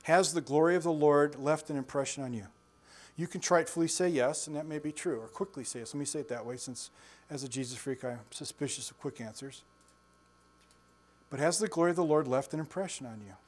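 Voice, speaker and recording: An older male pastor in his sixties with a slightly high voice, preaching in a relaxed, storytelling way. He chuckles often and checks in with his congregation with direct questions. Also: a little fast. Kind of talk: conversational sermon.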